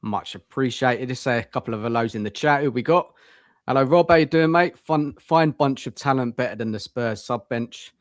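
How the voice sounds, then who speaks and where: A man's voice: mid-range voice, normal speed, no room sound, clean studio sound. A man hosting a football chat show, greeting guests and the chat in a chummy, welcoming way. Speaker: podcast host.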